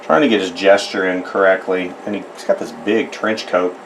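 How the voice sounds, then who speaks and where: A man's voice: deep voice, fairly even intonation, normal speed, noisy background. A man from the United States narrating a casual drawing tutorial, chatty and rambling with self-deprecating asides. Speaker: art tutor.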